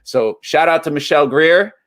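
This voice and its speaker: A man's voice: on the high side, normal speed, a bit bright, no echo. A man hosting an interview show over a video call, upbeat and full of praise. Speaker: podcast host. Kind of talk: interview talk.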